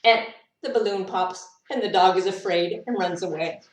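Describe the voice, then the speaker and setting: A woman's voice: medium pitch, normal speed, slight background noise. A woman teacher reading a picture book aloud to children, playfully making animal noises in a spontaneous, unrehearsed way. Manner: spontaneous and unrehearsed, with laughs and musing asides. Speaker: English teacher. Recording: roomy echo, voice from a distance.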